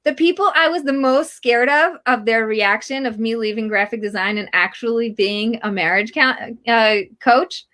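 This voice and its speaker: A woman's voice: on the high side, normal speed, few pauses. A middle-aged woman, a marriage coach and guest, chatting casually and acting out the voices of people she quotes. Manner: animated, acts out quoted voices. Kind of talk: casual interview chat.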